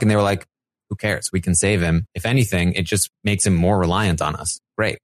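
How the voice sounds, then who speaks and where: A man co-hosting a podcast, casually recapping events and acting out what people said in animated voices. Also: brisk, no echo, clean studio sound. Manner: animated, acts out quotes in high put-on voices. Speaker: podcast co-host.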